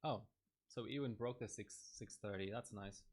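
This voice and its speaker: A man casually commenting on his livestream, thinking aloud in a halting way with fillers. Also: fairly low pitch, a little mellow. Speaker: overclocking livestream host.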